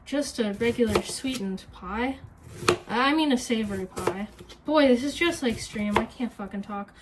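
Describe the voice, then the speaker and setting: A woman's voice: on the high side, moderate pace. A woman vlogger chatting casually while she cooks in a kitchen, rambling, mocking herself and swearing freely. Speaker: streamer and cooking vlogger. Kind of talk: casual cooking vlog chat. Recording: noisy kitchen with chopping sounds.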